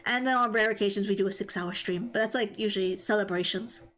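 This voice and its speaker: A woman's voice: mid-range voice, quick pace, fairly bright tone. A young woman streaming live, chatting casually and giggling as she reads chat and stumbles over tricky words.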